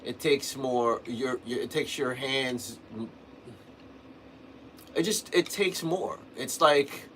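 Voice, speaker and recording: A man with a mid-range, slightly bright voice takes his time, a little hiss or hum in the background. He's hosting a livestream and loosely teaching about drumming, circling around his points, starting sentences over, and adding "man" and "you know."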